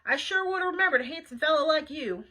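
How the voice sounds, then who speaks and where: Brassy Southern waitress played by a woman reader, high, bright, hollering orders, sings her lines. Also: lively intonation, fast. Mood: sweet-talking. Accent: Southern US (put on). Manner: hollering diner slang.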